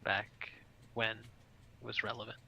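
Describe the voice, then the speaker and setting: A man playing a tabletop game, talking casually and giving gruff lines in character. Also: fairly low pitch, level tone, takes it slowly, bright, forceful tone, slight background noise. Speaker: player. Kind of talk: tabletop role-play.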